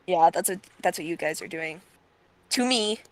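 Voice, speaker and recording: A woman's voice: on the low side, expressive, normal speed, dry recording. Teenage girl, dramatically exasperated. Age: teens. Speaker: stream co-host. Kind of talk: casual chat.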